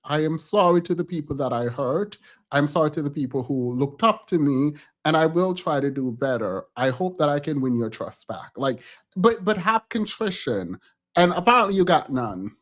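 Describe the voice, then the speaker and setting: A man reacts to a show in a sassy, emphatic way, laughing often. His voice sits high and swings widely in pitch, so every point lands big. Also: lively intonation, normal speed. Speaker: streamer reacting to a reality show. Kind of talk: casual reaction commentary.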